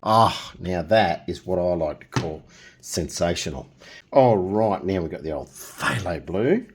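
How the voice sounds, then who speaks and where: Middle-aged man, low-pitched, very animated intonation, chatty painting tutorial, hums and jokes as he goes. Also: unhurried, breathy edge. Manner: chatty, jokey, hums nonsense tunes while working. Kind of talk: casual painting tutorial with running commentary.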